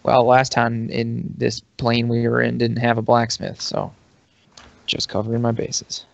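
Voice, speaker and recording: A man's voice: medium pitch, monotone, measured pace, vocal fry. A man playing a tabletop game, asking hesitant, filler-heavy questions. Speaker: player. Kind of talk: casual tabletop play. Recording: dry, dull lo-fi recording.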